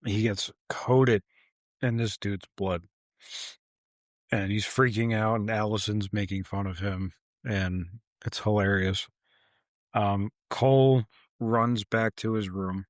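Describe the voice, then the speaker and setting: A man's voice: lowish voice, steady tone, slow, no room sound, studio quality. A man co-hosting a podcast, casually retelling a film's plot and acting out the characters' lines. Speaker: podcast co-host. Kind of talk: casual movie recap chat.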